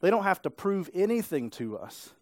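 A man's voice: high-pitched, very animated, normal speed, dry recording. A male pastor preaching a sermon in a casual, conversational way, often checking in with his listeners. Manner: casual, conversational preaching with frequent tag questions. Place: church sanctuary.

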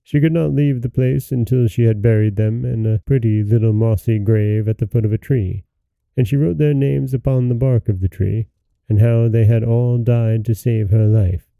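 A man hosting and narrating a folktale in a slow, measured storybook reading. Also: medium pitch, fairly even intonation, vocal fry, no room sound, narrow, tinny audio. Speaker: host and narrator.

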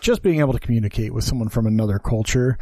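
A man's voice: medium pitch, very fast, mellow, dry recording. A man hosting a podcast, joking around and firing off follow-up questions in casual chat. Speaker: podcast host.

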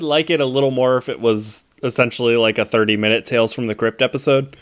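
A man's voice: mid-range voice, fast talker. A man in a mid-range voice co-hosts a casual movie podcast. He rambles with plenty of fillers and restarts, and his enthusiasm for gnarly scenes keeps pushing him forward. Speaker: podcast co-host.

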